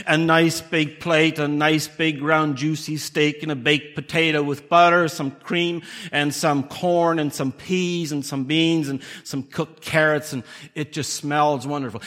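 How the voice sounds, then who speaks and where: This man's voice is high and sharp as he preaches in church. He keeps it conversational, putting rhetorical questions to the congregation and dramatizing little scenes with dialogue. Long reverb from the church hall fills the recording.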